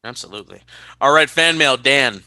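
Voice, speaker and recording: Bright-voiced man chatting on a podcast. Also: mid-range voice, normal speed, no room sound. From California. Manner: animated, laughs often, reads listener mail. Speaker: podcast co-host. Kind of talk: casual podcast chat.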